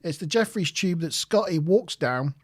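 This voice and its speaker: A man with a West Country accent chats on a casual show, his voice sitting a little high for a man. He rambles and hesitates often, with a self-deprecating manner. The sound is dry and close, with no room echo. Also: lively intonation, normal speed. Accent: West Country English. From southwest England. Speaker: co-host. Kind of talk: casual podcast chat.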